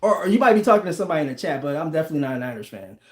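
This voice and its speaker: A man's voice: fairly high pitch, sing-song, rapid-fire. A man in his forties hosting a casual livestream, bantering with his chat and laughing often. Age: 40s. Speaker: livestream host. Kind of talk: casual livestream chat, reading viewer comments. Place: home room with a team flag behind. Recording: echoey room.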